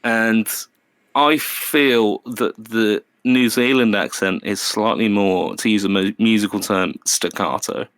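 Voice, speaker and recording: A man's voice: fairly low pitch, steady tone, slow, fairly bright tone, smooth, dry recording. An English man as a podcast guest, talking in a wordy, apologetic way and often breaking off to restart. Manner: apologetic, wordy, self-interrupting. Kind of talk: casual chat.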